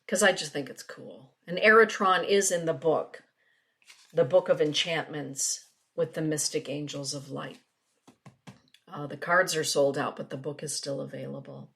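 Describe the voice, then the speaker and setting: A woman's voice: low-pitched, a little slow, creaky, long pauses, a bit bright. A middle-aged woman, a spiritual teacher, chatting casually with viewers and reading oracle card passages. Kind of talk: casual webinar chat.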